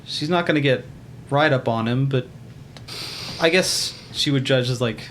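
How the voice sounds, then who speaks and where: A man's voice: mid-range voice, normal speed, fairly bright tone, a little hiss or hum. A man playing a tabletop game, describing his character's moves in a rambling, hesitant way. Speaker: player.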